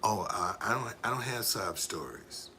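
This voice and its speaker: A man's voice: fairly low pitch, expressive, moderate pace, bright, forceful tone, slight background noise. A man live streaming in a casual, rambling way, repeating himself and talking straight to his viewers. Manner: repetitive, emphatic, addresses viewers directly.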